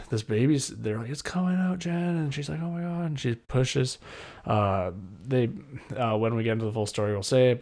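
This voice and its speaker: Low-voiced man rambling through a story. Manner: rambling, restarts often, excited retelling. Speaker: podcast host. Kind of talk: casual solo podcast storytelling.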